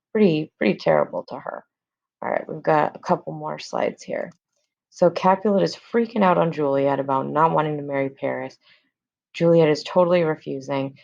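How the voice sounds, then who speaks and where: A woman's voice: low-pitched, vocal fry, a little mellow, highs cut off. A woman teacher in a recorded lesson, paraphrasing a play in casual talk with many fillers.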